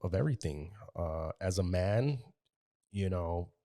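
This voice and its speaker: A man's voice: low-pitched, lively intonation, measured pace, dark tone. A man from the United States in casual podcast conversation, talking earnestly and at length, with many restarts.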